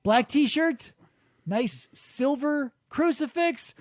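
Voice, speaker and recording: A man hosting a podcast, telling a story in animated casual chat and laughing often. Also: very high-pitched, dry recording, clean studio sound. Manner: animated, jumps into quick voices and laughs a lot. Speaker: podcast host. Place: radio studio.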